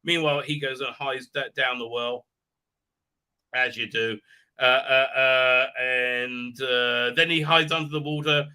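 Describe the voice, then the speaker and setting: A man's voice: mid-range voice, fairly even intonation, a little slow, bright, forceful tone, clear, resonant tone. A man hosting a live stream, giving a sarcastic, rambling recap with many "uh, uh" hesitations and sneering asides.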